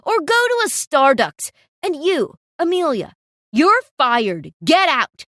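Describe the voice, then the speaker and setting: A woman playing a shouting, furious cafe manager. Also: on the high side, expressive, a little slow, no room sound, studio quality. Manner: shouting, blustering then pleading. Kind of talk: storytime narration.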